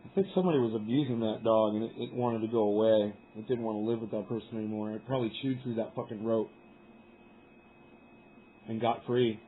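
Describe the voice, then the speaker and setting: A man with a lowish, steady voice talks a little fast on a casual mountaintop live stream, rambling, swearing freely and addressing his viewers. The cell phone audio is tinny, with slight background noise.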